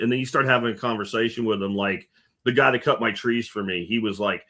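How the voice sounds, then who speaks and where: A man co-hosting a casual live talk show, telling stories with animated energy. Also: on the low side, quick pace. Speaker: co-host.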